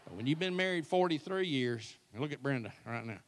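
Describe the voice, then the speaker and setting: A man's voice: medium pitch, animated, fairly quick. A man, telling folksy, self-mocking comic stories at a church event. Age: 60s. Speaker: church speaker. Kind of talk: comic storytelling to a live audience.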